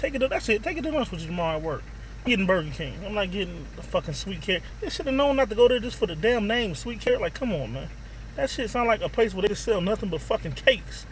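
Guy with a high bright voice cussing his way thru a food review in his car, faint traffic hum. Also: big pitch swings, quick pace. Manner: blunt, profane, ranting. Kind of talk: casual food review vlog.

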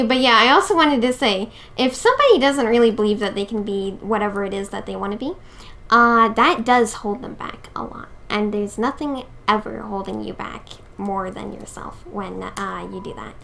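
A young woman in casual let's-play commentary, excitable and giggly, talking to her viewers. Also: mid-range voice, creaky. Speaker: gameplay streamer.

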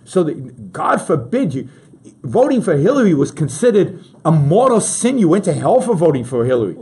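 A male talk show host giving emphatic political commentary, piling up words for emphasis and pausing to muse over his own word choice. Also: on the high side, sing-song, darkish tone, slightly rough. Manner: self-correcting, muses aloud over word choice.

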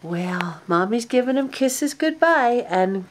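An older grandmother reads a bedtime picture book at an unhurried pace, her voice rising and dipping in a sing-song way. She coaxes gently and keeps turning to the child with little questions. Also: on the high side, expressive. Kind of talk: reading a picture book aloud.

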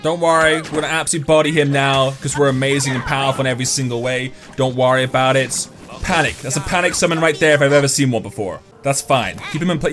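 Excitable young man narrating gameplay. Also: fairly high pitch, quick pace. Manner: excitable, swings between hype and grumbling, swears. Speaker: gaming YouTuber. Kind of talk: gameplay commentary. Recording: faint music behind.

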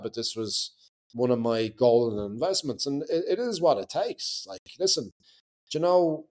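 Man, forties, podcast guest; blunt, profane, laughs through hard memories, middle pitch. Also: darkish tone. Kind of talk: candid conversational storytelling.

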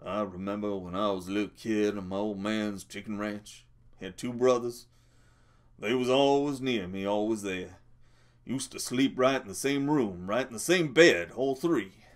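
A man's voice: lowish voice, moderate pace, lightly acted. Man voicing a bitter lonely stable hand, drawling stammered talk, brooding. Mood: wistful. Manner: drawling, stammered rural speech.

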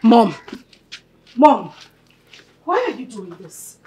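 A pleading daughter. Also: female voice, a little high, huge pitch swings, slow pace, warm tone, a little hiss or hum, heavily acted. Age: young adult. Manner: pleading, emotional, argumentative. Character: young adult daughter, headstrong and pleading.

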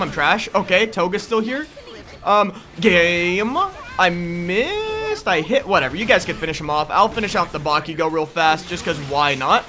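Excitable high-voiced man commenting gameplay. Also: normal speed, slight background noise. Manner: excitable, yelps and laughs at sudden danger. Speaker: gaming YouTuber.

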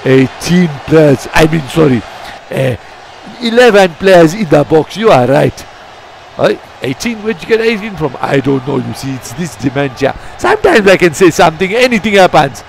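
Man, amateur football commentator, fairly high voice, giggly banter, excited outbursts. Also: moderate pace, vocal fry, slight background noise. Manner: chatty, giggly banter that swings into excited shouting on attacks.

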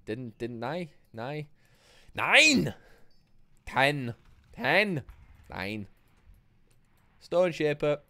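A man's voice: mid-range voice, animated, drawn-out words, long pauses, a bit bright, dry recording. A man giving sweary, rambling, self-mocking commentary while streaming a game live. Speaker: gaming streamer.

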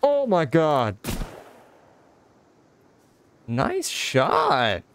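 A young man giving casual let's-play commentary, excitable, exclaiming and chatting to an in-game companion. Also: on the high side, very slow, creaky, slight background noise. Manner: excitable, talks to companion character, frequent laughs and exclamations. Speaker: gaming channel host.

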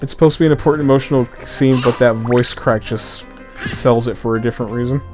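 A man talks through a game playthrough in a loose, rambling way, laughing and restarting sentences as he goes. His voice sits at an ordinary middle pitch. Game music plays faintly underneath. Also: steady tone, fast, a little mellow. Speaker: host. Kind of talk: casual gameplay commentary.

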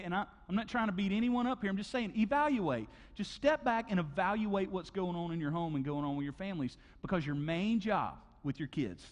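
A middle-aged man preaching a sermon in a conversational style, often checking in with "okay?" and "man". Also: on the high side. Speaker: pastor. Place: large church auditorium. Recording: long hall reverb.

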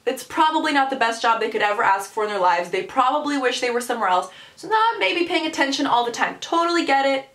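A woman in her twenties telling a story on her vlog in an animated, sarcastic way. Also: high-pitched, fast talker, few pauses. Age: 20s. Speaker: vlogger. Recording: echoey room sound.

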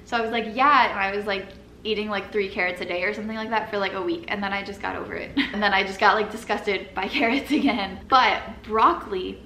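A woman's voice: mid-range voice, steady tone, quick pace, sharp tone. A young woman telling a personal story in a casual, chatty way, filling her talk with "like" and nervous little laughs. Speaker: vlogger. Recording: echoey room with faint noise.

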